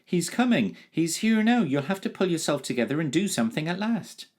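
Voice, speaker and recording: A man reading a storybook aloud, voicing an eager young village boy who shouts his news. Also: low voice, huge pitch swings, unhurried, husky, exaggerated voice. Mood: urgent.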